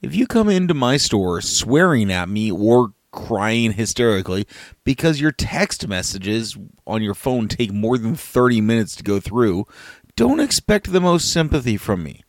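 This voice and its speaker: A man's voice: mid-range voice, big pitch swings, measured pace, dry recording, clean studio sound. A man in his thirties telling a blunt, profane everyday story. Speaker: customer service worker telling a story. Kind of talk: casual storytelling.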